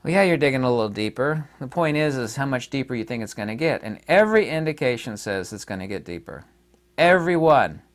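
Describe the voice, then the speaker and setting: A man's voice: mid-range voice, lively intonation, fairly quick. A man talking to his audience in a casual solo monologue, rambling and emphatic, with many fillers and restarts. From United States. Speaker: online commentator.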